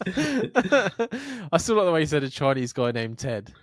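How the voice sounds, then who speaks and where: A man's voice: a little high, wildly swooping pitch, a little slow, dry recording. Sweary podcast man, dry sound. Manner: mumbling, sweary, laughs along. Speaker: podcast co-host. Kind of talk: casual chat.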